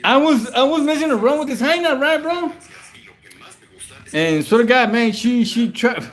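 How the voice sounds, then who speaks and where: A man's voice: extremely high pitch, expressive, moderate pace. A man from Southern California, chatting casually and profanely with his livestream viewers while eating at home, calling them bro and homie. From Whittier, Southern California. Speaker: livestream host. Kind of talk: late-night casual livestream chat.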